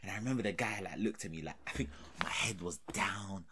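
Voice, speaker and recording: A man's voice: low-pitched, brisk, background noise. A young man, telling stories in casual chat, full of slang and fillers.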